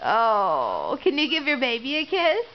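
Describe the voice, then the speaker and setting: A woman's voice: high voice, huge pitch swings, measured pace, dull audio, background noise. A young mother at home, talking sing-song baby talk and coaxing her toddler, laughing often. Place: family home.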